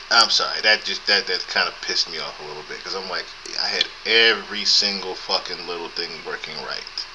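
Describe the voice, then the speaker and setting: A thin-voiced man in his thirties hosts a live podcast, chatting in a laid-back, profane manner and chuckling often. Though thin, his voice is low-pitched, and he talks a little fast with hardly any pauses. It's recorded on a camera's built-in mic, with a noisy background.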